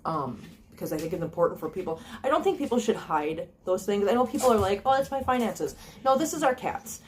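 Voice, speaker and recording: A woman's voice: mid-range voice, lively intonation, brisk, a little hiss or hum. A woman vlogging casually to her viewers on a phone camera. She talks in an earnest, chatty way, with many ums and restarts. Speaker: cat channel vlogger. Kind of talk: casual vlog talk to viewers.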